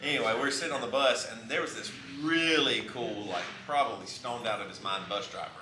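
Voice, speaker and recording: A man's voice: fairly quick, noisy background. A man, telling rambling, self-mocking stories on a live stage between songs. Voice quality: baritone. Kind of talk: onstage storytelling between songs. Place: live music venue. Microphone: stage vocal mic. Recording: roomy live venue with loud music.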